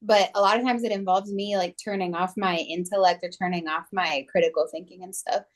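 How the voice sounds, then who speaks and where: A woman's voice: lowish voice, fairly even intonation, a little fast. A woman co-hosting a podcast, talking casually with many fillers. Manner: chatty, many "like" and "you know" fillers. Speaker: podcast co-host.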